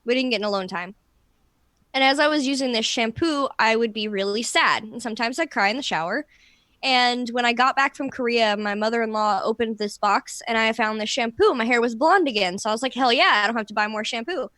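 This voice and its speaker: A woman co-hosting a podcast in casual group chat, telling a personal story and acting out her own past words with lively swings. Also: a little fast, no echo. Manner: animated, acts out her own past lines in a higher voice. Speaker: podcast co-host.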